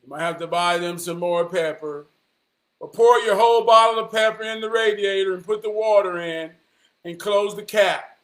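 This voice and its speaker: A man voicing a calm, knowing neighborhood mechanic, giving steady instructions. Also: sits high, normal speed. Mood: calm instructing.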